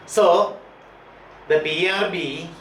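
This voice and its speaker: A man with an Indian English accent giving a slow classroom lecture, repeating key terms, spelling out words and filling pauses with "uh" and "you know". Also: high-pitched, fairly even intonation, fairly bright tone. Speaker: teacher. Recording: echoey room with faint noise.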